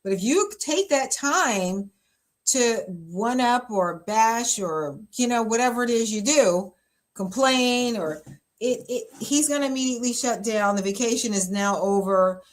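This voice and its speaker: In an unhurried, expressive way, a woman pastor with a slightly high voice chats about relationships. Her advice is casual and emphatic, sprinkled with fillers and ready laughter.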